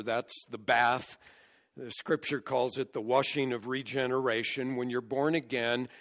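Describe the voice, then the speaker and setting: Earnest male preacher teaching scripture. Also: mid-range voice. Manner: earnest expository teaching, explaining scripture verse by verse. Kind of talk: sermon.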